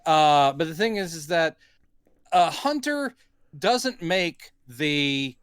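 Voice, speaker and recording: A man's voice: fairly high pitch, animated, slow, a bit bright, smooth, no room sound, studio quality. A man hosting a podcast, recapping a film in casual chat and acting out quoted lines from it. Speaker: podcast host. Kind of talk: casual movie review chat.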